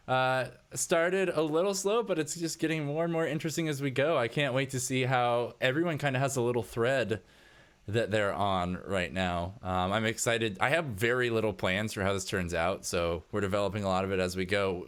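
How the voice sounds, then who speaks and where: A man's voice: fairly low pitch, a bit bright, smooth. A man narrating a tabletop game as game master in a casual manner, full of filler words.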